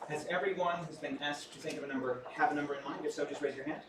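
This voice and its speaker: A man's voice: on the high side, fairly even intonation, rapid-fire. A man performing stage mentalism live for a small audience, with theatrical, playful patter and joking asides to the crowd. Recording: echoey room, far from mic, audience noise.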